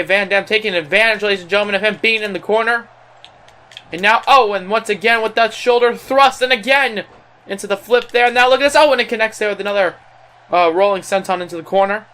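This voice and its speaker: Like a gaming channel host, a young man gives play-by-play of a video game wrestling match. His bright, high voice carries an excited announcer style, with ums filling the gaps and corrections made mid-sentence.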